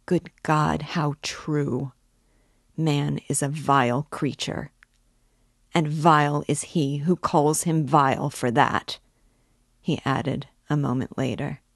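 A woman reading a classic novel aloud, measured, gently voicing the characters' dialogue. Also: sits low, dry recording, studio quality. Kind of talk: audiobook-style reading aloud.

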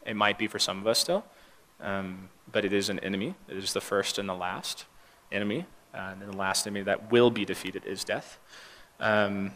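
A young man preaching an informal sermon, talking in a halting, conversational way with many fillers and restarts. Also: fairly low pitch, fairly bright tone. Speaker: pastor leading a church talk. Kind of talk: informal sermon with group discussion.

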